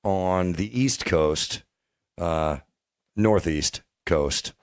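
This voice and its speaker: A man's voice: deep voice, very slow, clean tone. A man hosting a podcast, wrapping up the show with laid-back, friendly banter. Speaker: podcast host. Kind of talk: casual podcast outro.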